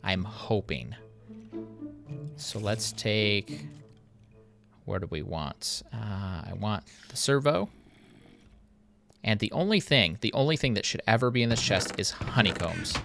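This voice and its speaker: A man's voice: fairly low pitch, expressive, unhurried, gravelly, long pauses, fairly bright tone, soft background music. A man hosting a game video, chatting casually and thinking aloud with a self-mocking tone. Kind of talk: casual gameplay commentary.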